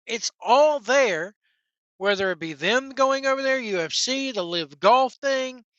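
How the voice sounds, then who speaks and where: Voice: medium pitch, lively intonation, unhurried, fairly bright tone, no echo, highs cut off. Blunt, sarcastic wrestling vlogger. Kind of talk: casual opinion rant.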